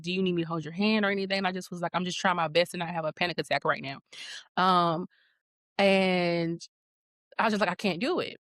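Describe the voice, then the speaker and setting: A woman's voice: fairly low pitch, no room sound. A woman guest on a podcast, telling a story in a casual way and acting out the voices of the people she quotes. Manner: animated, acts out quoted voices.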